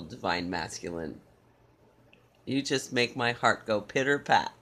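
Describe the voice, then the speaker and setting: A man reading channeled love messages in a soft, tender way, with repeated phrases and pauses. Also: fairly low pitch, animated. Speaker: spiritual reader.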